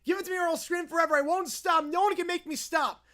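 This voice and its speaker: A man voicing a whiny, bratty little boy who screams his demands over and over in a shrill whine. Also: steady tone, quick pace, sharp tone. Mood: whining. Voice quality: shrill whining.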